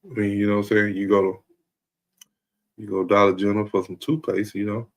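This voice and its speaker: A man's voice: lowish voice, flat delivery, a little fast. A man talking in a loose, rambling comedic monologue as a stream host, often checking in with "you know what I'm saying". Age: adult.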